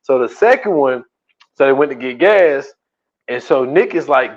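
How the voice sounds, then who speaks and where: Chatting casually on a movie podcast, this co-host acts out scenes with animation and plenty of laughter. He speaks at normal speed with a medium pitch, though the audio is dull.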